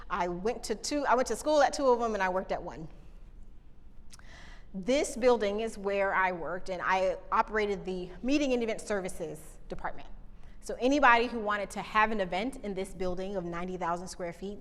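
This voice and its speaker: A woman communication coach telling lively stories from a stage, talking to the audience and asking them questions. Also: mid-range voice, a little fast. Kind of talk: live keynote storytelling. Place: stage before a live audience. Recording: reverberant hall, live talk.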